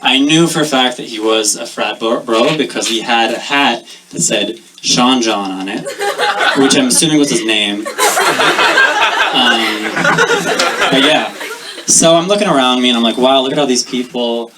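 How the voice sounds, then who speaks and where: Halting deadpan young male comic. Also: medium pitch, distant mic. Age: young adult. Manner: deadpan, halting with many ums. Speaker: stand-up comedian. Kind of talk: stand-up set. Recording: noisy live recording.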